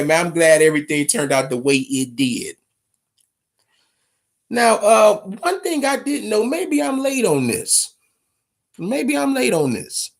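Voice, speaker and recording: A man hosting a boxing talk show, telling stories in casual, profane, animated commentary. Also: fairly high pitch. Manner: profane, storytelling, animated retelling.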